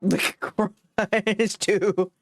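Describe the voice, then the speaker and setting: A woman's voice: medium pitch, fairly even intonation, drawn-out words, no room sound, clean studio sound. A woman streaming a game, chatty and giggly, reading the dialogue aloud as she plays, with hiccups. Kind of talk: casual game stream commentary.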